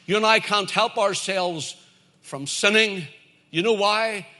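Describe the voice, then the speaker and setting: A man's voice: high voice, slow, pushed and bright. A man preaching a sermon, emphatic and repetitive, building his points in lists.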